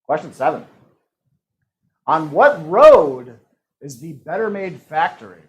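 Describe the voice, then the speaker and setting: A man's voice: on the high side, sing-song, takes it slowly, low-quality recording. A man hosting a live-streamed trivia game, reading questions and answer options in a playful, teasing way. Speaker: trivia host.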